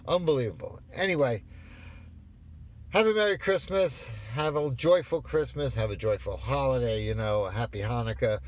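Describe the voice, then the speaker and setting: A man's voice: mid-range voice, moderate pace. A man in his fifties ranting in a rambling, exasperated way, swearing as he goes. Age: 50s. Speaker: ranter. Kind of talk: casual rant.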